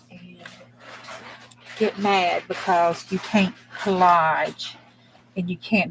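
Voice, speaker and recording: Her voice is fairly low, gravelly and slow, with fairly even intonation and a slight hiss or hum underneath. She's a folksy, blunt woman chatting casually during a crafting livestream. She keeps talking as she works, letting out the odd mild curse.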